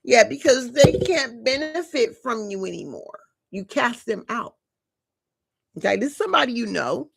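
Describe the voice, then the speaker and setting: A woman gives a live collective tarot reading, speaking casually and straight to her viewers, full of slang and chatty asides. Her voice is on the high side, expressive and husky with vocal fry, at a normal speed.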